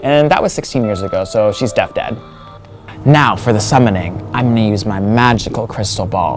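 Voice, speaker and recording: A man's voice: on the low side, normal speed, over music. A man giving playful, jokey scripted narration as a segment narrator.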